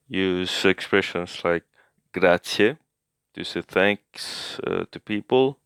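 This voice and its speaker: Low, gravelly man explaining slowly. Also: no room sound, studio quality. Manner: hesitant, thinking aloud and correcting himself. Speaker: language learner teaching a recap. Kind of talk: casual language lesson recap.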